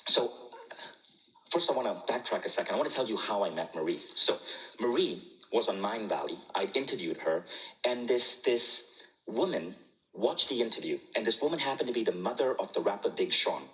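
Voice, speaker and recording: Middle-aged male storyteller, bright and clear, playful and animated delivery. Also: on the low side, normal speed, pauses often, rough recording. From Malaysia. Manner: jokey, animated, laughs at own jokes. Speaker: speaker telling a personal story. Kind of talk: humorous storytelling talk.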